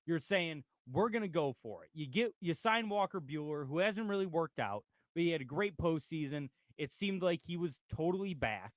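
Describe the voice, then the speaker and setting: On his casual sports radio show, a male host delivers a lively, animated patter in a slightly high voice, easily reading comments from the chat. His pace is moderate with hardly any pauses, and the close, dry sound has no echo.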